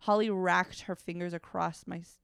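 Brief: woman co-host with a low, gravelly voice, dry close-mic sound, reads a story aloud with blunt wry asides. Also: steady tone, normal speed, no room sound. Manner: breaks off from reading to make frank, wry asides. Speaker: podcast co-host. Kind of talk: reading fiction aloud with commentary.

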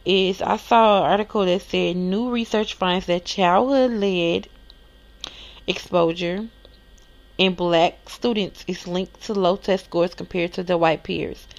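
A woman's voice: lowish voice, fairly even intonation, takes it slowly, gravelly. A woman hosting a solo news podcast, reading articles aloud and reacting casually. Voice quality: lisp. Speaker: podcast host.

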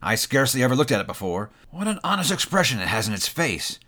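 A man's voice: medium pitch, sing-song, fast, pushed and bright. A man reading aloud and voicing an elderly reformed miser who is now jolly and effusive. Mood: jubilant. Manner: jolly, effusive, growls in mock sternness. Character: old male miser, newly joyful and generous.

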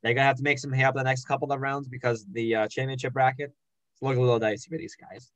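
A man's voice: mid-range voice, level tone, fast, a bit bright, no room sound, rough recording. A young man hosting a casual sports podcast, joking as he reads out names and standings. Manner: jokey, rattles off names and standings. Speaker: podcast host.

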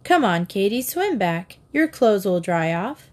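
A woman's voice: mid-range voice, sing-song, a little slow. A woman voicing a bossy girl who taunts and dares others, with a hard edge. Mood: dismissive.

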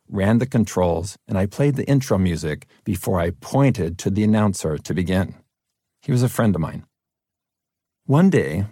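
A middle-aged man from California narrating his own audiobook in an earnest, personal way, his deep voice cracking at times. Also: mellow, dry recording, clean studio sound. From Fresno, California. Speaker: author reading his own book.

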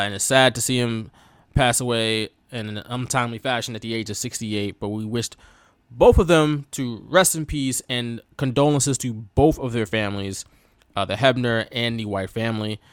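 A man's voice: mid-range voice, normal speed, clean tone, no echo. A man hosting a wrestling podcast, chatting casually with a co-host, laughing often and filling his talk with fillers. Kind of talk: casual chat.

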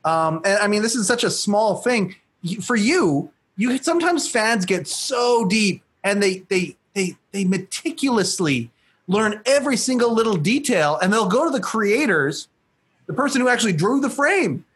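Male podcast host, enthusiastic and affirming; high-pitched, husky tone. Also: lively intonation, moderate pace, a bit bright. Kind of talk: casual interview chat.

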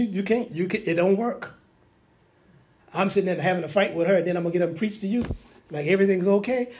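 High-voiced male preacher, lively and joking. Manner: animated, humorous, laughing asides; colloquial preaching, acts out quoted lines. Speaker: pastor. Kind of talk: sermon.

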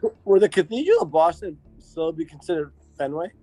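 Male co-host, somewhat high voice, chatty asides. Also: big pitch swings, fairly quick, warm tone, soft background music, low-quality recording. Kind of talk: casual film chat.

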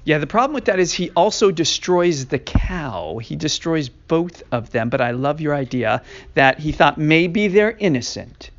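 A male teacher leading a lively classroom Bible lesson, acting out the quoted voices as he explains. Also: a little high, moderate pace, muffled recording.

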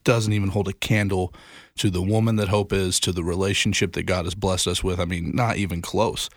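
Young male co-host, low and gravelly, earnest storyteller, dry close sound. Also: level tone, fairly quick, dry recording. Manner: earnest, self-deprecating storyteller. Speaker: podcast co-host. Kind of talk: casual faith podcast chat.

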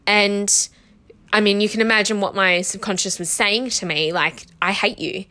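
Casting: woman, bright clear voice, candid self-help host, emotional, fighting tears. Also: mid-range voice, moderate pace. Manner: emotional, heartfelt, full of "like" and "you know". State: close to tears. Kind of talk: candid personal monologue.

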